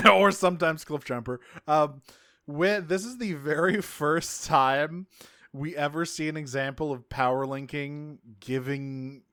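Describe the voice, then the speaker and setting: A man's voice: on the high side, slow, bright, forceful tone, clean tone, no room sound, clean studio sound. A man co-hosting a podcast, talking casually, swearing freely and laughing often. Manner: profane and laughing. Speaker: podcast co-host. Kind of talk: casual chat.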